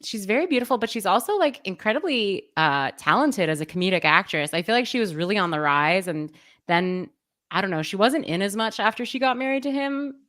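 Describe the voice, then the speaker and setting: A woman's voice: medium pitch, expressive, fairly quick, a bit bright. Chatty woman co-hosting a podcast. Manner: chatty, rambling, laughs often. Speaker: podcast co-host. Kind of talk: casual pop culture chat.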